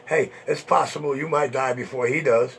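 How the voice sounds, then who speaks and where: Male radio host, taunting, crude and boastful, mid-pitched, light hiss behind. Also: steady tone, moderate pace, gravelly. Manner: mocking, boastful, profane.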